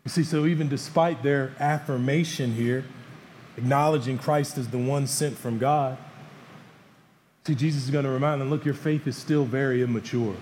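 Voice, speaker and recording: Male pastor preaching in a reverberant hall. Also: moderate pace. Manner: animated preaching, voices the disciples and Jesus with shifts in pitch and loudness. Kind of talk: sermon. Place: church hall. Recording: church hall with long reverb, faint background noise.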